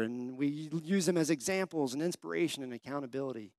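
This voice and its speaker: Conversational male pastor, bright and dry. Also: a little high, brisk, no room sound. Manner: conversational storytelling, asks the congregation questions. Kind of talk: sermon.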